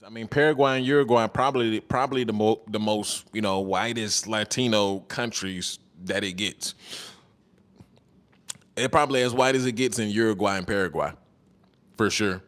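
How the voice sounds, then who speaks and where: A man's voice: on the low side, moderate pace, fairly bright tone. A man hosting a casual livestream, reading viewer comments aloud in a loose, slangy way, repeating his phrases and laughing often.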